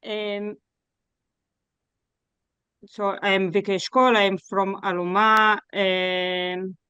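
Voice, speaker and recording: A woman with a Russian accent presenting her program at a workshop, earnest and halting, with many fillers. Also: medium pitch, fairly bright tone, smooth, no echo, highs cut off. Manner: earnest, halting non-native English with fillers.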